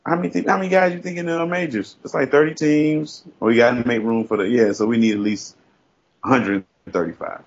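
A man co-hosting a casual podcast, telling stories in a profane, animated way. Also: medium pitch, a little fast, husky, muffled recording. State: sore from a fall. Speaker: podcast co-host. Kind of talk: casual chat.

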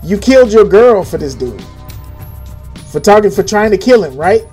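Animated, slightly high-voiced man chatting. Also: normal speed, slightly rough, faint music behind. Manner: animated, jumps high into acted quotes. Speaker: podcast co-host. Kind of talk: casual profane chat.

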